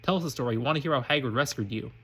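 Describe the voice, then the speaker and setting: A man reading a scornful, arrogant eleven-year-old boy aloud from a fan story, quick and stumbling over words. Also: mid-range voice, a bit bright, husky. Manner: quick reading with frequent slips and restarts. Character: arrogant pure-blood boy of eleven, contemptuous.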